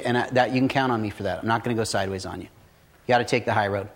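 A man's voice: on the low side, rapid-fire, a little hiss or hum. Blunt, profane man giving business advice. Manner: profane, blunt, animated storytelling. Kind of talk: casual motivational talk.

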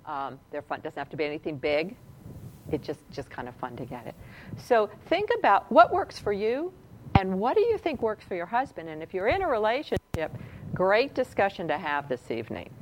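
A woman's voice: mid-range voice, very animated, moderate pace, a little hiss or hum, low-quality recording. A woman leading a relationship workshop, chatting and asking her audience questions. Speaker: workshop leader. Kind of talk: teaching a relationship class.

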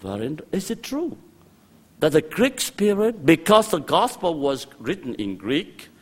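An older man giving a university theology lecture, lively and repetitive, with asides to the students and an other than English. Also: a little high, a little slow. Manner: animated, repeats words, quotes and asides to students.

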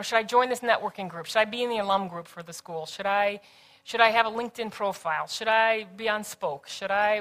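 Middle-aged woman, speaker, animated lecture delivery, quick character voices. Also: medium pitch. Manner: animated, acts out quoted voices. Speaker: speaker giving career advice. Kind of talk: lecture to students.

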